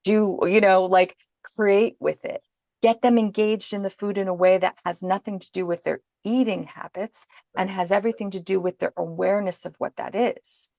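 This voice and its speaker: A woman guest on a podcast, calmly and patiently explaining parenting advice in an instructive way. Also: mid-range voice, moderate pace, gravelly, dry recording, clean studio sound.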